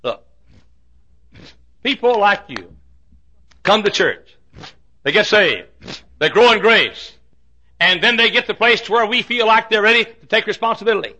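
A man preaching a fiery sermon, swinging from shouts to hushed asides. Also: high voice, lively intonation, normal speed, pauses often. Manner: fiery preaching with sudden shouts and drops to quiet. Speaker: pastor.

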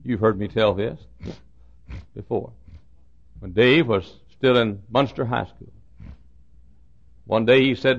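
A man preaching a sermon, telling a folksy story in an animated way that builds suspense. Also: mid-range voice, slow pace, creaky, pauses often. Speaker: pastor. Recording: dull lo-fi sermon recording.

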